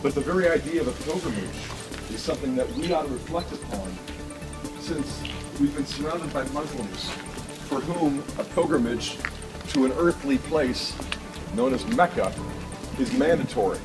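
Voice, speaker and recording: A man giving a measured, reflective homily during a pilgrimage. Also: on the high side. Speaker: pilgrimage speaker. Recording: distant voice with loud music.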